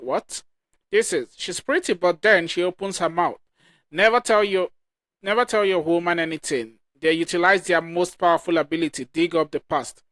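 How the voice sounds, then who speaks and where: A man with a high voice hosts a reaction channel and reads viewer comments aloud one by one. His reading halts and restarts as he goes. The sound is dry and close, with no room echo. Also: fairly bright tone.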